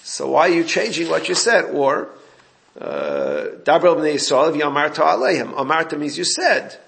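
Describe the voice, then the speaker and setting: A man's voice: on the high side, sing-song, normal speed, gravelly, fairly bright tone, slight background noise. A man giving an informal Torah class, explaining a text and recounting exchanges with his students. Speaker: Torah teacher.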